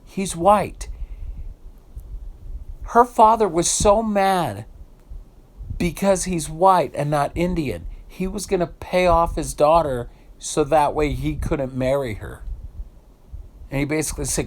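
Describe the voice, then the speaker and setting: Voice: medium pitch, slow pace, pauses often. Emotional unscripted rant, vlogger, from the United States, indignant, swears freely, restarts sentences. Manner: indignant, swears freely, repeats phrases while searching for words.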